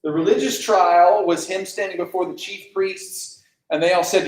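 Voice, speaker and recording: A man teaching a casual Bible lesson to students, animated, asking the class questions and acting out quotes. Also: high-pitched, fairly quick, vocal fry. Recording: echoey room, mic far off.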